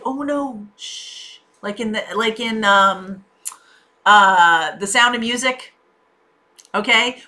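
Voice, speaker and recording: Bright-voiced woman giving a tarot reading. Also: mid-range voice. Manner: conversational and reassuring, with frequent fillers. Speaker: tarot reader.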